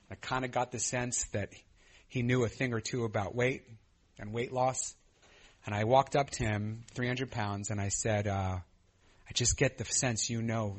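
A man's voice: mid-range voice, a bit bright. A man in his thirties telling his own recovery story at a meeting, candid and self-mocking, with many fillers and restarts. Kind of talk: personal testimony share.

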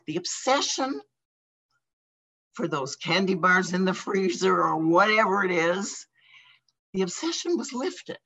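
An older American woman sharing her personal recovery story at a meeting, emotional and halting, with laughs and sighs between thoughts. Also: mid-range voice, a bit bright, slightly rough, low-quality recording. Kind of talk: personal testimony.

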